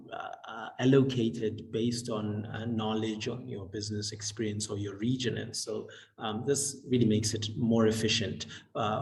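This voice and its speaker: A man moderating an online webinar, talking in a halting way with many fillers and restarts. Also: fairly low pitch, darkish tone. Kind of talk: hesitant online webinar chat.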